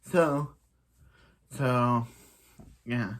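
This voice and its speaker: A man's voice: mid-range voice, drawn-out words. Man rambling through an episode recap. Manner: rambling, frequent restarts and "so yeah". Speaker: TV episode reviewer.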